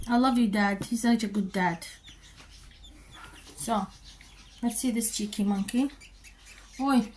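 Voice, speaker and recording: A woman's voice: a little high, a little slow, pauses often, slight background noise. A woman casually demonstrating how she hand-feeds her birds, talking to them affectionately as she works. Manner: cooing, affectionate talk to baby birds. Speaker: bird keeper showing hand-feeding.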